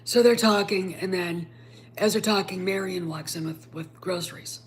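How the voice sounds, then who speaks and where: A woman's voice: fairly low pitch, moderate pace, a little hiss or hum. A woman host giving a casual, rambling film review, emphatic and sometimes dropping to a whisper.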